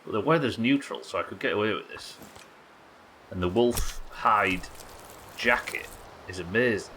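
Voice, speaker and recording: Deep-voiced British man streaming a game. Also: moderate pace, pushed and bright, slight background noise, low-quality recording. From United Kingdom. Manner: chatty, joking, swearing. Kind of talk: casual gameplay commentary.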